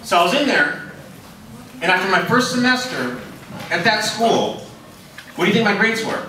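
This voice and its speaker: A man giving an energetic motivational talk to students, telling his story and asking the audience questions. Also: high voice, normal speed. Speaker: motivational speaker. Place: middle school hall. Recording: very echoey, distant, noisy hall.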